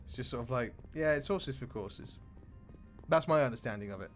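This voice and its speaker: A man's voice: mid-range voice, animated, a little fast, over music. A man with a British accent giving casual let's play commentary, chatty and full of joking asides. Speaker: gaming streamer.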